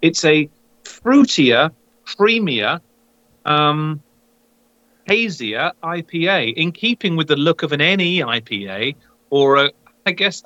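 A middle-aged man co-hosting a casual beer-tasting chat, enthusiastic and expressive, calling his co-host mate. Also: on the high side, dry recording, muffled recording. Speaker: podcast co-host reviewing beers.

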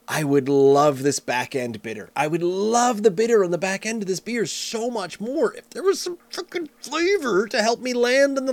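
Middle-aged Canadian man, casual beer-chat co-host, slightly high voice, dry close sound, lively and self-mocking. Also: no room sound. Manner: animated, chatty, self-deprecating with vivid comparisons. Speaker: podcast co-host reviewing beers.

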